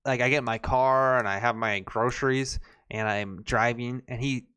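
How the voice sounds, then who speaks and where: A man's voice: mid-range voice, fairly even intonation, moderate pace, bright, forceful tone, smooth. A man co-hosting a podcast, telling rambling stories in casual chat with lots of fillers and restarts. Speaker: podcast co-host.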